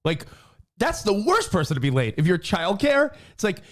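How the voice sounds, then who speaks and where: A man co-hosting a casual talk show, his slightly raised voice bouncing all over the place as he acts out the people he quotes. His delivery is lively and expressive, full of swoops and sudden jumps. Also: sits high, normal speed. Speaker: co-host. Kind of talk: casual radio show banter.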